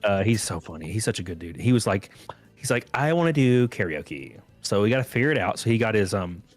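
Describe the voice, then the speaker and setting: Low-voiced laid-back guy telling stories. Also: fast. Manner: laid-back rambling, swears freely. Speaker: podcast guest. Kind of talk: casual storytelling chat.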